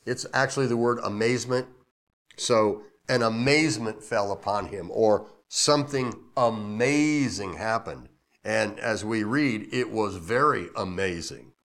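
A man's voice: on the low side, animated, a little slow, vocal fry, a bit bright. Casual man teaching scripture verse by verse. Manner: casual, joking asides between readings, lifts his voice for scripture. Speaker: Bible teacher. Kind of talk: verse-by-verse sermon with reading and asides.

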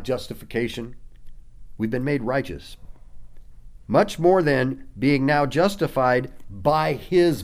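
Male pastor, mid-pitched voice, earnest sermon delivery with emphatic swells. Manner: earnest preaching, reads scripture slowly, bursts of emphasis.

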